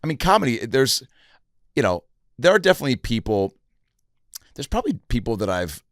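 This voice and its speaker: A man's voice: medium pitch, sing-song, brisk, no echo, studio quality. A man hosting a podcast, chatty and enthusiastic, with lots of fillers. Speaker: podcast host. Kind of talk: casual podcast chat. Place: podcast studio.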